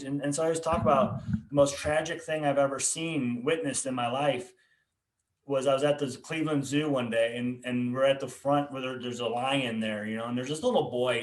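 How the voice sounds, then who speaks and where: A man, a pastor hosting a conversation, tells a personal story earnestly and restarts his words often. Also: mid-range voice. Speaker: pastor and podcast host. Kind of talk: personal testimony in casual conversation. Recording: echoey room.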